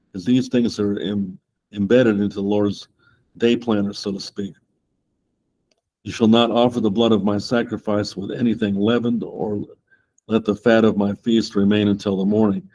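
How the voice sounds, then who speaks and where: Male Bible class teacher, low and mellow, reads verses steadily and adds casual, rambling commentary. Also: poor audio. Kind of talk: Bible study lesson, reading scripture with commentary.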